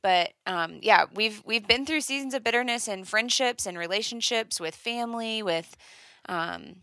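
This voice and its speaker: A woman's voice: on the high side, normal speed, sharp tone, no room sound. A young woman co-hosting a podcast, casual, teasing and thoughtful. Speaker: podcast co-host. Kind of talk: casual chat.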